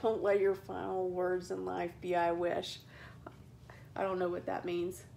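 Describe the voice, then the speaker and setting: A woman hosting a casual chat show, talking in an animated, dramatic way and acting out scenes in high squeals. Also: a little slow, creaky, a little hiss or hum. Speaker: podcast host.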